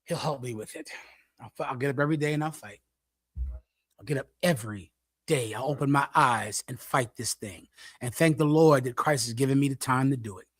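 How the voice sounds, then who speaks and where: A man preaching through scripture verse by verse, repeating his points forcefully and acting out an addict's pleading. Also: medium pitch, a little fast, dry recording, studio quality. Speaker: teacher leading a scripture breakdown.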